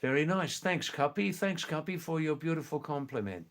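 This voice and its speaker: An older retired man from England and Australia, hosting a live stream, reading viewer comments aloud in a slow, gentle, repetitive way. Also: a little high, expressive. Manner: slow, gentle and repetitive, often says "you know" and "yes".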